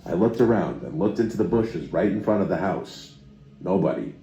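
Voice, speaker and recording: A man calmly narrating a true horror story in scripted style. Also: low-pitched, normal speed, dull audio. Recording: echoey with loud music bed.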